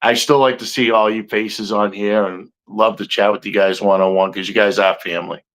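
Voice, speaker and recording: A man's voice: lowish voice, fairly even intonation, brisk, a bit bright, poor audio. A man co-hosting a podcast in casual chat, talking earnestly with rambling restarts. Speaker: podcast co-host.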